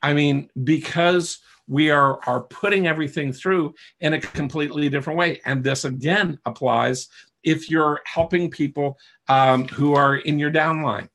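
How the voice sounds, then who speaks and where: Fairly high-voiced man teaching a webinar. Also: fairly even intonation, moderate pace, fairly bright tone. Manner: explains patiently, checks in with listeners, many restarts. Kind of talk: live online teaching session. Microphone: video call microphone.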